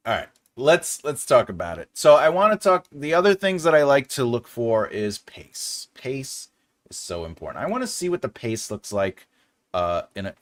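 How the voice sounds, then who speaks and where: A man with a clear New York accent explains story and pacing to a live audience. His pitch is animated and his delivery stays conversational. He laughs often as he reads viewer comments. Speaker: developmental editor hosting a live stream. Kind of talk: live-stream writing lesson.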